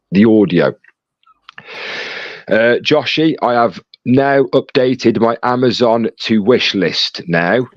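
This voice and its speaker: As the stream's moderator, a low-voiced man reads live chat messages aloud and teases viewers with jokey banter. The sound comes through a phone call, dry, dull and lo-fi, with no room sound.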